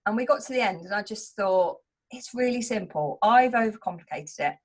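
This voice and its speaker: A middle-aged woman who runs a home business and leads a team gives a candid motivational talk at a moderate pace. Her medium-pitched voice has lively intonation, and she sounds open, earnest and confessional.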